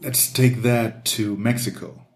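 A man from Germany hosting a casual chat, relaxed and hesitant with many fillers. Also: fairly low pitch, unhurried, vocal fry. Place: Mexico.

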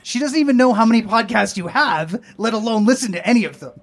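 A man's voice: extremely high pitch, fast talker. A man co-hosting a podcast in casual chat, wry and long-winded, joking at his own expense on a home balcony. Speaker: podcast co-host.

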